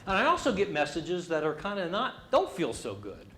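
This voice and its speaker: A man's voice: fairly high pitch, huge pitch swings, moderate pace, a bit bright, slight background noise. A middle-aged man presenting a leadership workshop, speaking with animation and asking the audience questions. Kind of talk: interactive leadership workshop talk.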